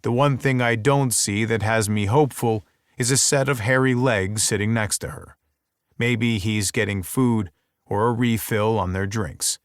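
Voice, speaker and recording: A man with a fairly low voice reads a first-person romance audiobook, close to a studio mic in a dry, dead room. His delivery is wry and intimate, like private inner monologue. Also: steady tone, a little slow, clean tone, no room sound. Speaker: audiobook narrator.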